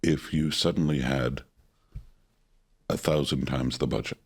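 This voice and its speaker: A man's voice: rumbling low, steady tone, unhurried, husky. A man hosting a podcast, asking long, playful questions in casual chat. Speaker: podcast host.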